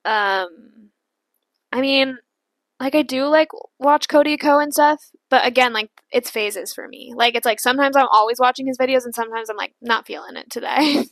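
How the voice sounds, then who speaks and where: A woman's voice: high voice, moderate pace, dry recording. A young woman co-hosting a podcast from her bedroom, rambling casually and saying "like" constantly. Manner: rambling, heavy use of "like". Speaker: podcast co-host. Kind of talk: casual chat.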